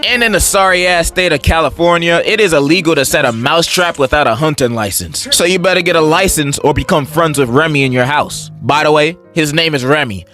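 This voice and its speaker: A man's voice: a little high, fairly quick, few pauses, pushed and bright, soft background music. A young man giving sarcastic, playful comedic commentary in an exaggerated way.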